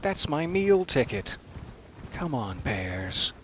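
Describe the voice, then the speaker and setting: A man's voice: medium pitch, sing-song, slow, fairly bright tone, slight background noise. A man giving live gameplay commentary, wry and musing, chatting to the enemies he fights. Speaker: streamer playing a video game.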